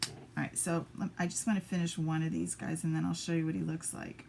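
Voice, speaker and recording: A woman's voice: low voice, level tone, a little fast, vocal fry, warm tone, slight background noise. A woman demonstrating papercraft in a casual live stream, chatting to viewers and muttering little asides to herself as she works at a home craft table.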